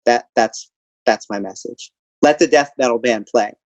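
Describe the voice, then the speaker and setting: A man, a guest on a podcast call, talking easily in a middle-pitched voice. He hedges with "like" and drifts through his points at an everyday pace. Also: moderate pace, darkish tone, lo-fi sound. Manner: easygoing, hedging with "like". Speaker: music journalist guest. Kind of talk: casual interview chat.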